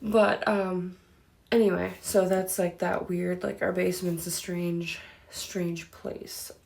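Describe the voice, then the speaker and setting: A woman's voice: on the low side, flat delivery, takes it slowly, creaky, a little mellow. A woman hosting a spooky channel, chatting casually in a rambling way full of fillers, with an easy laugh. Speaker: host of a spooky story channel.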